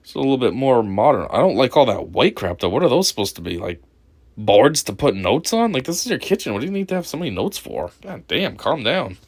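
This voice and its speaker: A man's voice: medium pitch, sing-song, brisk, darkish tone. A man giving crude, mocking reaction commentary on a video and laughing often. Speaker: commentary host.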